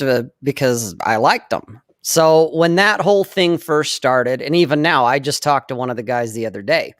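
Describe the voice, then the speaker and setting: Smooth-voiced man telling a wry story. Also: mid-range voice, fairly bright tone, no room sound, clean studio sound. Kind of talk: casual podcast chat.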